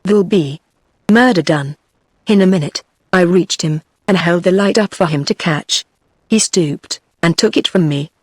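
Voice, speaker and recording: A text-to-speech woman's voice with a British English accent, reading a novel aloud in an even, synthetic way. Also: lowish voice, moderate pace, dry recording. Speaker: audiobook narrator.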